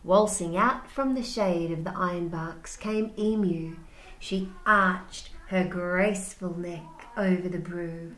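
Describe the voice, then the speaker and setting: Slow, expressive woman teacher reading aloud. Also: on the low side. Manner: gentle, expressive, asks questions. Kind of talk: reading a picture book aloud to children. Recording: roomy echo, faint background hum.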